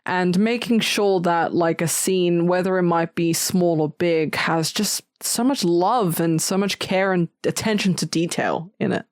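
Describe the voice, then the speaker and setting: Lower-voiced earnest woman co-host. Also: a little slow, few pauses, no echo, studio quality. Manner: earnest, enthusiastic. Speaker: podcast co-host. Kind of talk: casual film chat.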